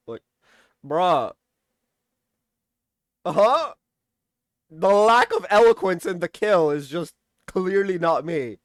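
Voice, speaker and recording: A man's voice: on the high side, animated, no echo, studio quality. Rambling, profane young man reviewing. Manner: rambling, profane, sarcastic, with quick mock quotes of characters. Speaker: TV episode reviewer. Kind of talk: casual recap and commentary.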